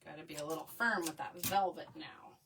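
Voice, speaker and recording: A woman's voice: deep voice, fairly quick, vocal fry, a bit bright, distant mic, a little hiss or hum. A woman teaching a craft live, bubbly and chatty as she talks with her viewers. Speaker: craft instructor. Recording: voice a bit away from the mic.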